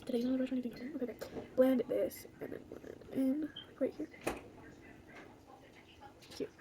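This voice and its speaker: A woman's voice: sits high, brisk, background noise. A woman chatting casually through a makeup tutorial, rambling and joking to herself. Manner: rambling, talks to herself, jokey. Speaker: beauty vlogger.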